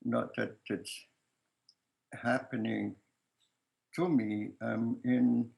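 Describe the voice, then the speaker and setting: An older man with a strong Lithuanian accent, a filmmaker answering interview questions in a halting way, searching for words and often restarting, with soft laughs. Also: mid-range voice, flat delivery, vocal fry, rough recording. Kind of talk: casual conversation.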